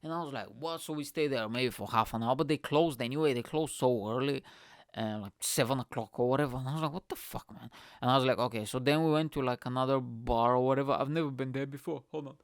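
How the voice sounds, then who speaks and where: A man's voice: medium pitch, fast, clean tone, no echo, studio quality. A tired man hosting his podcast, telling a story in a casual, swearing, matey way. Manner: profane, animated, says "mate" a lot. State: tired, yawning. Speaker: podcast host.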